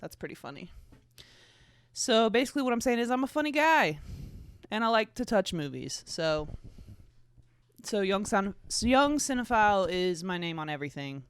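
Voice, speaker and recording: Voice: medium pitch, big pitch swings, normal speed, long pauses, smooth, no room sound. Joking, rambling twenty-five-year-old podcaster. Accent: Southern US. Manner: rambling, jokey and profane, with self-mocking asides. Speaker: podcast host. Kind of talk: casual solo podcast chat.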